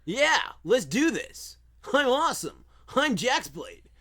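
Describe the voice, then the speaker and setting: Brief: a man as a pushy fitness motivator, bright and shouting. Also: extremely high pitch, big pitch swings, takes it slowly, voice pushed up, exaggerated voice. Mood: hyped. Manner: loud shouting encouragement. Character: pumped-up male fitness hype coach.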